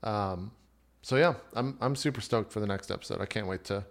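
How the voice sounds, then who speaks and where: A man's voice: fairly low pitch, fairly quick. A man chatting casually about playing a tabletop game character, enthusiastic and rambling and laughing often. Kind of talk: casual podcast chat.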